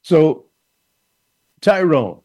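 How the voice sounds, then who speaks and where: A male radio host speaks casually, with plenty of "uh" fillers, as he prompts his guest to tell a story. His voice is mid-pitched and close, with a dry sound and faint music underneath. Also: big pitch swings, very slow, a little mellow, no echo. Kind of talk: radio talk show.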